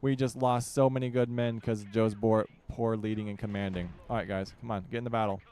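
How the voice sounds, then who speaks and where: A man's voice: fairly low pitch, fairly even intonation, brisk, warm tone, clear, resonant tone. A young man giving casual commentary while playing a strategy game, barking orders at his units and grumbling with joking exasperation. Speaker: gaming channel host.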